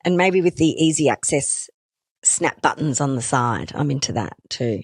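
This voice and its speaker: A woman's voice: a bass voice, animated, moderate pace, husky, dry recording, studio quality. A middle-aged Australian woman hosting a podcast, talking alone in a chatty, self-deprecating way with joking asides. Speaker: podcast host. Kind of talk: solo podcast chat.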